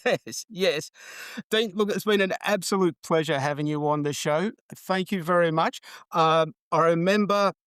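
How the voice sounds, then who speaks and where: Male podcast host, slightly high voice, dry close mic, chatty storyteller who laughs easily. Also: unhurried, fairly bright tone, clear, resonant tone, dry recording. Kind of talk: casual chat.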